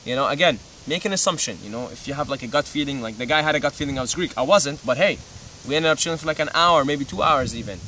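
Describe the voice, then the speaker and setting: Talking fast in a medium pitch, this young man from Syria has a pushed, bright voice. He rambles easily while offering casual advice, sprinkling in plenty of "you know" and "right", and the mic is slightly distant with faint ambient noise around him.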